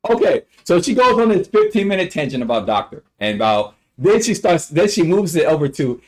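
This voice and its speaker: A young man telling a story to his live chat, animated and quick to curse. His voice sits a touch higher than most men's. He laughs easily as he goes. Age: young adult. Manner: animated, swears freely, laughs often. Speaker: live streamer.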